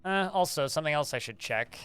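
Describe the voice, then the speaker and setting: A man with a bright, forceful, slightly high voice streams a game live. He reads the combat log aloud, stumbling and restarting as he goes. Faint music plays under his voice. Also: animated, a little fast. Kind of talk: livestream gameplay commentary.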